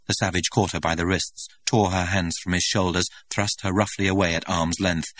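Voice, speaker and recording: A man giving an expressive, dramatic audiobook narration. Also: sits low, brisk, few pauses, no echo.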